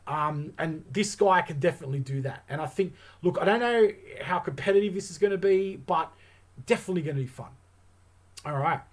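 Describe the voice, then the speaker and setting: A man breaks down tabletop game rules in an easygoing, excited way, often pausing on "um" and "you know" as he works things out. His voice sits a little higher than most men's. It sounds like a relaxed hobby channel host chatting to viewers. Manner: enthusiastic, chatty, thinks aloud with many fillers.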